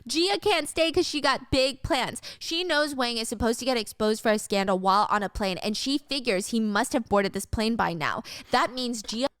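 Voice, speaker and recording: A woman recapping a drama in casual, animated storytelling with slang. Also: fairly high pitch, moderate pace, hardly any pauses, smooth. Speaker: recap host.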